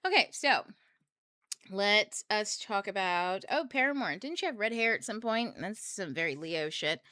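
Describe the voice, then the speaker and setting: A woman's voice: mid-range voice, lively intonation, a little slow, pushed and bright, dry recording. A young adult woman hosting a book club, talking casually about astrology in a rambling, candid way, swearing freely. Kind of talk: casual livestream talk on astrology.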